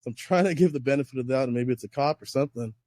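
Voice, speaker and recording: A man on a casual podcast telling a profane, animated story, acting out what people said to him. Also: mid-range voice, very fast, no echo, studio quality. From Southern California. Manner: acts out voices of people in his story.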